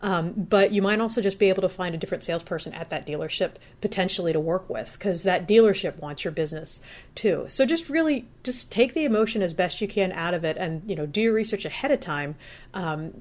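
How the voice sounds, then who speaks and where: A woman's voice: on the low side, brisk, darkish tone. A woman giving casual, practical advice in an easygoing conversational way, acting out what a buyer might say. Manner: chatty, practical, acts out buyer's inner voice. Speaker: car buying expert guest.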